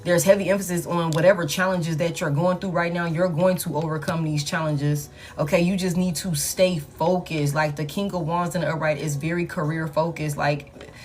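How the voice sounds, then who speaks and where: A woman's voice: sits low, steady tone, normal speed, a little mellow. A woman giving a casual tarot reading in a repetitive, emphatic, slangy pep-talk manner. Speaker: tarot reader.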